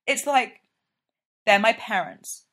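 A woman's voice: fairly high pitch, lively intonation, slow pace, a bit bright. A woman voicing an agitated young hockey player. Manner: emphatic, agitated protests. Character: young male hockey player, earnest and upset.

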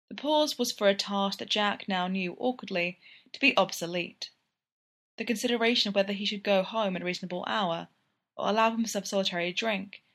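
A woman calmly reading an audiobook as the narrator. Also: mid-range voice. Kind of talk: scripted narration.

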